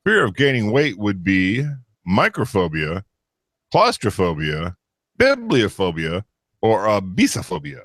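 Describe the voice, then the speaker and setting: A man co-hosting a casual podcast, reading out quiz questions in an animated way, swearing and laughing often. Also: on the low side, unhurried, no room sound, clean studio sound. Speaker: co-host running a quiz. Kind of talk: casual banter.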